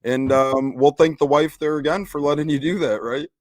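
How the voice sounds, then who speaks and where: A man co-hosting a podcast, asking questions in a slow, relaxed way. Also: on the high side, no echo. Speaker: podcast co-host. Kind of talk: casual chat.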